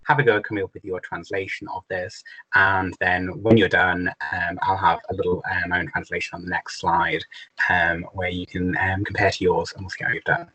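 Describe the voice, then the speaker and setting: A man with an English accent teaching a recorded Latin lesson, explaining in a relaxed way with frequent ums and self-corrections. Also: lowish voice, low-quality recording.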